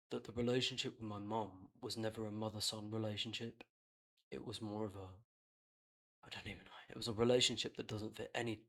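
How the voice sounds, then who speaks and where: A man's voice: lowish voice, a bit bright. A man, talking candidly and reflectively on a personal podcast, blunt and swearing freely.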